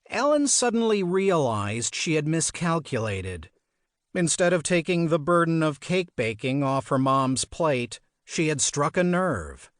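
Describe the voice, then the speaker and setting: A male audiobook narrator telling the story in a measured, expressive way. His pace is unhurried, his pitch moves animatedly across phrases, and the recording is dry and close. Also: no room sound. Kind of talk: scripted narration.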